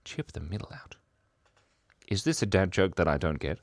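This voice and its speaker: A middle-aged man with an Australian accent chatting casually with viewers of his livestream at home, speaking quietly and laughing often. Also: sits low, sing-song, moderate pace, no echo, studio quality. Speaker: livestream host. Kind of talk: casual chat reading viewer comments. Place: home, early morning. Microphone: microphone worn near the beard.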